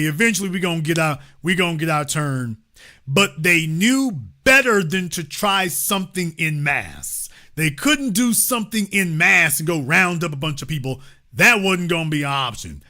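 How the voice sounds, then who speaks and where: A man delivers impassioned commentary in a high voice. He is emphatic and repeats key phrases for effect. His tone is intensely forceful and sharp. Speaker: host.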